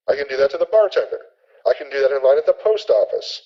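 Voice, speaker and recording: A man teaching a sales training webinar, energetic and repetitive, acting out sample conversations. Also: mid-range voice, fast talker, lo-fi sound.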